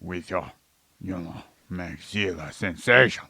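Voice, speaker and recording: Slow, gravelly deadpan podcast host. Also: male voice, low-pitched, dry recording. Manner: deadpan, mock-scientific. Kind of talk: casual comedic podcast banter.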